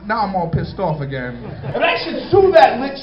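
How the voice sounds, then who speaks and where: A man's voice: high-pitched, huge pitch swings, normal speed. A man doing stand-up comedy, crude and self-deprecating, often laughing at his own jokes. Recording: roomy, dull live club sound with crowd.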